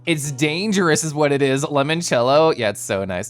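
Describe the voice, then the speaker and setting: Lively, giggly male streamer. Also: fairly high pitch, normal speed, faint music behind. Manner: animated and giggly, greeting chatters by name. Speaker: live streamer. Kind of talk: casual chat reading viewer messages.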